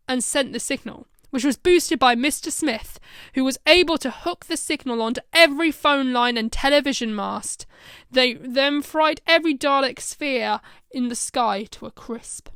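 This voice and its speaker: High-voiced woman reading a story. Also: fairly bright tone, clear, resonant tone, no room sound. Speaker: narrator. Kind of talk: reading a fan short story.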